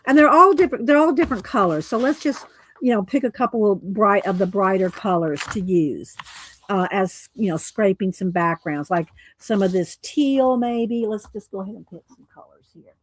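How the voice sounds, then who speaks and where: A woman's voice: medium pitch, normal speed, rough recording. Chatty woman thinking aloud. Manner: thinks aloud, chatty, picks and names paint colors; reads viewer chat aloud. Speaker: art streamer. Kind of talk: casual live-stream craft demo.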